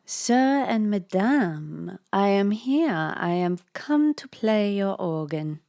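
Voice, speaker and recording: A shy little Italian musician girl who speaks softly and trustingly, her words a bit halting and her accent gentle, as a woman reading aloud puts her on. The voice sits in a middling pitch for a woman. It belongs to a storybook reading. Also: animated. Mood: earnest. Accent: Italian, put on.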